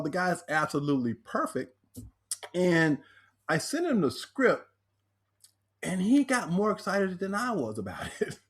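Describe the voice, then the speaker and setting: A man, a speaker and author, telling personal stories in a podcast interview, animated and acting out the voices he quotes. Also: high voice, moderate pace, breathy edge.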